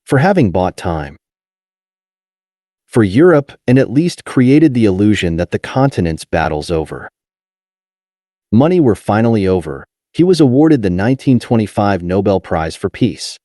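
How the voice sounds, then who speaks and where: This is a male narrator reading a history audiobook, nonfiction, with a warm, deep voice. He reads at a steady, measured pace, though his intonation varies expressively from one phrase to the next. The audio is close and dry, free of any reverb.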